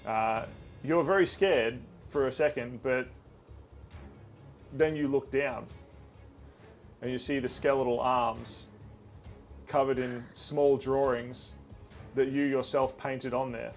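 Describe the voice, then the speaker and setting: A man's voice: medium pitch, steady tone, takes it slowly, pauses often, faint music behind. A man narrating a tabletop game as game master, casual and descriptive with a playful touch.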